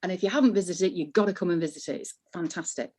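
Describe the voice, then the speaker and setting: A woman's voice: on the low side, racing, slightly rough. A woman with a Northern English Manchester accent, chatting as an interview guest, laughing often as she tells stories. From north of England. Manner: warm, laughs often, animated storytelling. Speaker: voiceover artist, guest. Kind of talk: casual interview chat.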